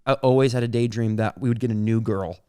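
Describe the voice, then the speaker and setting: A man's voice: mid-range voice, fairly even intonation, fast, a little mellow, clear, resonant tone. A young man co-hosting a podcast, telling childhood stories in casual chat, rambling with lots of "like" fillers and laughing as he talks. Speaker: podcast co-host.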